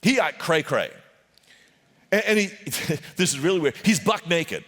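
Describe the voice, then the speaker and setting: A man preaching a sermon as a pastor, telling the story in an animated way with jokes and voices for the characters. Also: fairly high pitch, unhurried. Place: church sanctuary. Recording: long hall reverb.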